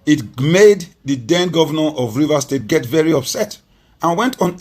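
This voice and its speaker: A man's voice: fairly high pitch, lively intonation, moderate pace, a little mellow. A Nigerian man speaking as a political guest on a TV interview, making emphatic points with rhetorical repetition. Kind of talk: TV interview commentary.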